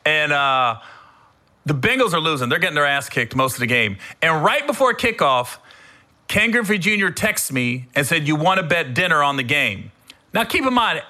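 A middle-aged man hosting a podcast, telling comedic stories in an animated, rambling way with some swearing. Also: fairly high pitch, normal speed. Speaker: podcast host. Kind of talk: comedic storytelling.

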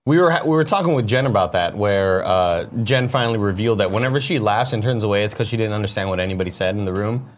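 A man co-hosting a casual morning show, telling animated stories and now and then slipping into put-on accents. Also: fairly low pitch, quick pace, few pauses, slight background noise. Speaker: co-host. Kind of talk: casual chat.

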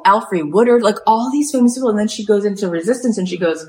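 A woman's voice: medium pitch, quick pace, few pauses, a little mellow. A woman podcast host telling a story with energy, acting out the people in it and saying "like" a lot. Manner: acts out the people in her stories, lots of "like". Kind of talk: animated storytelling.

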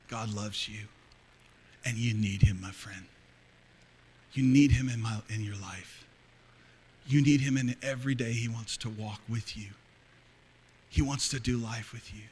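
A man's voice: medium pitch, slightly rough. Man preaching with fervent, rising intensity. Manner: swings between hushed, intimate confiding and loud, fervent preaching. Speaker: pastor. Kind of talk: sermon. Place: church hall before a congregation.

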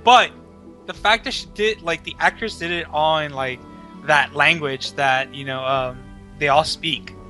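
A man's voice: on the high side, a little slow, pushed and bright, soft background music. A young man co-hosting a podcast, bantering bluntly and swearing freely. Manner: blunt, profane, hyped banter. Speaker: podcast co-host. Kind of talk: casual chat.

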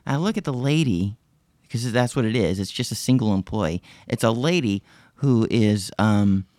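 A man spins a casual podcast story, his pitch rising and falling freely. He circles back through restarts and fillers and swears as he goes. His voice sits close and dry in the recording. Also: animated, moderate pace, a little mellow, dry recording. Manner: rambling, profane, many restarts. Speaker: podcast host.

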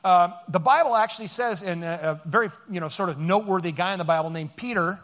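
A man's voice: high voice, quick pace, fairly bright tone. A man giving a conversational sermon as pastor, joking and rambling with many fillers.

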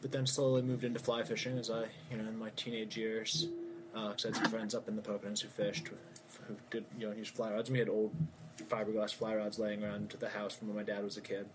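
A man's voice: on the low side, monotone, fast, background noise. A young man from Baltimore, a guest in a casual podcast interview, telling stories in an easygoing, rambling way with fillers. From Baltimore, USA.

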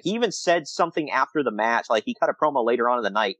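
A man's voice: mid-range voice, fast talker, few pauses, breathy edge, dry recording, low-quality recording. A man co-hosting a casual podcast, recapping old wrestling shows, laughing often and acting out quotes. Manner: laughs often, animated retelling with quoted asides. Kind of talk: casual chat.

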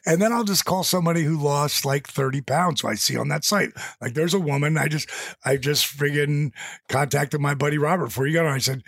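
A man telling stories as an interview guest, animated and laughing as he goes. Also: fairly high pitch, fairly quick, vocal fry, dry recording, clean studio sound. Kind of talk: casual storytelling. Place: home.

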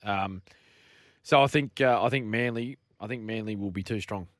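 A man's voice: on the low side, normal speed, a bit bright, no room sound, clean studio sound. An Australian man, an assistant coach and former player, chatting casually on a podcast, laid-back and chuckling, often repeating words as he starts a thought. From Queensland, Australia.

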